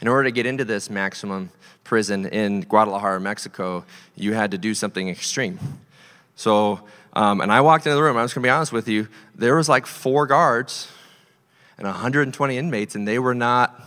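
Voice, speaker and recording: A male pastor telling a story in a sermon, animated, swinging between loud and hushed delivery. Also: fairly low pitch, normal speed. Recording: long hall reverb.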